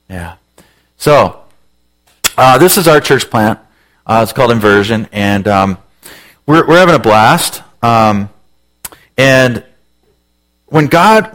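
A man's voice: mid-range voice, fairly bright tone. A man in his forties, a pastor telling a self-mocking story in a sermon, acting out voices with lots of energy.

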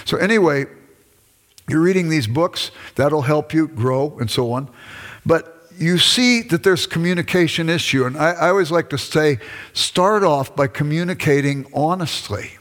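A man's voice: fairly high pitch, expressive, moderate pace, fairly bright tone. Man teaching about marriage. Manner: conversational, acts out his own past arguments; self-deprecating humor. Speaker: speaker on marriage. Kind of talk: sermon-style teaching talk.

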